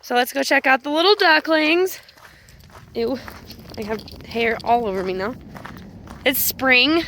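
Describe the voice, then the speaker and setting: A woman's voice: sits high, a little slow, pushed and bright, slight background noise. A young woman chatting casually as she films her farm animals, rambling and affectionate. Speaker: farm owner. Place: outdoors on a farm.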